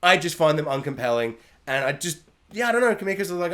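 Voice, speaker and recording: A young man casually reviewing a TV show, rambling and excitable with lots of fillers. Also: fairly high pitch, fast talker.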